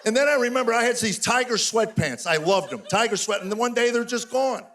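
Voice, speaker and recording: An older man performing live stand-up comedy on stage, telling rapid-fire stories with exasperated punchlines. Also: very high voice, animated, a bit bright. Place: stage before a live audience.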